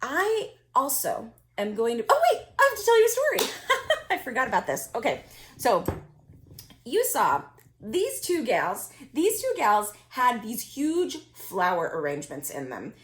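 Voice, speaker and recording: A woman's voice: a little high, wildly swooping pitch, a little slow. A woman reselling vintage finds tells a story in casual chat, laughing often and restarting her sentences. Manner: chatty, laughs often, many fillers and restarts.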